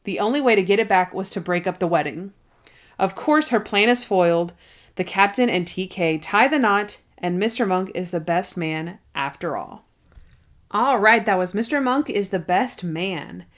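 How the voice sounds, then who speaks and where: A young woman co-hosting a podcast, chatting casually and excitedly with many fillers. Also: mid-range voice, normal speed. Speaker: podcast co-host. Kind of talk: casual chat.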